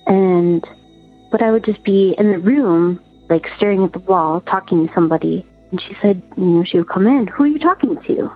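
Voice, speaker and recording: A woman caller telling a personal story in an earnest, halting, repetitive way over the phone. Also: on the low side, steady tone, breathy edge. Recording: tinny phone line with faint music.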